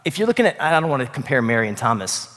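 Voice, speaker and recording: A man preaching a sermon in a casual, conversational way, swinging between loud bursts and quiet, hushed passages. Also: mid-range voice, very animated, very fast, long reverb tail. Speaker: pastor. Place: church sanctuary.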